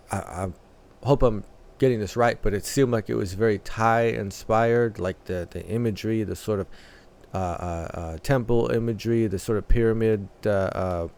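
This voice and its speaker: A man hosting a music reaction channel, talking through a track in a thoughtful, analytical way with many filler pauses. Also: fairly low pitch, darkish tone, smooth.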